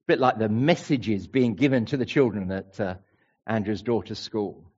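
A man's voice: lowish voice, normal speed, a little mellow, slightly rough, muffled recording. A man preaching a sermon to a congregation, emphatic and playful. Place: church hall with a congregation.

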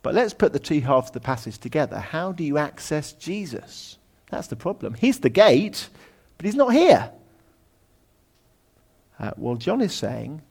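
A man preaching a conversational sermon in a lecture room, full of ums and asides, often dropping his voice low. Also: big pitch swings, a little slow, creaky, long pauses, darkish tone, slightly rough.

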